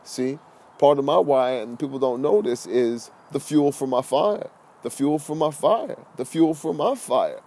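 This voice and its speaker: A man who is a health and fitness coach, giving a blunt, slangy motivational podcast talk. He repeats key phrases and swings between loud bursts and calm, low talk. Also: a little slow.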